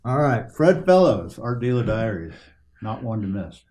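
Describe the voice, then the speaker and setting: An American man hosting an interview, speaking softly and briefly, then reading a closing promo. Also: fairly low pitch, very animated, moderate pace. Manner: soft-spoken, brief affirmations, then promotional readout. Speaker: interview host and gallery owner. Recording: music under the voice.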